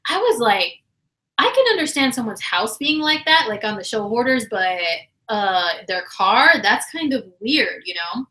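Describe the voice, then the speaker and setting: Animated, slangy woman telling a story. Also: on the high side, unhurried, low-quality recording. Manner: animated and slangy, acting out quotes. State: slightly hoarse, losing her voice. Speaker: livestream astrology host. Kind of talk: casual storytelling to a live chat.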